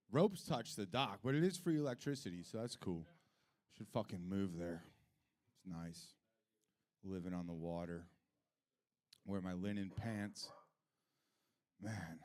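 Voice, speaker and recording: A middle-aged man doing a profane, rambling stand-up comedy set at a live venue, jumping between loud rants and low mutters.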